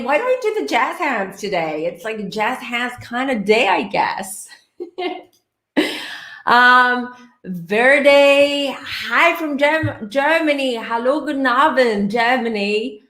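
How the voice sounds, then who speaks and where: A woman hosting a live tarot show, chatting in a warm, upbeat way and greeting viewers by name. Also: high voice, animated, slow pace, echoey room. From Greece. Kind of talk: casual live-stream chat.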